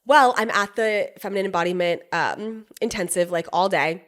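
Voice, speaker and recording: A young woman hosting a podcast, telling a personal story in a casual, animated way, laughing often, swearing freely and acting out what others said. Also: medium pitch, moderate pace. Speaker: podcast host.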